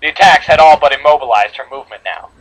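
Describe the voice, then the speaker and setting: A man's voice: medium pitch, quick pace, poor audio. A man reading a horror fan story aloud to friends, dramatic, with slips and re-reads. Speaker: story reader.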